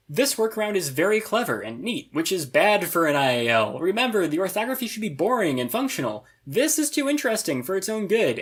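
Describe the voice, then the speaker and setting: Lively, husky-voiced man reviewing a conlang. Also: a little high. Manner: dry, analytical, wry asides. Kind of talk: scripted review narration.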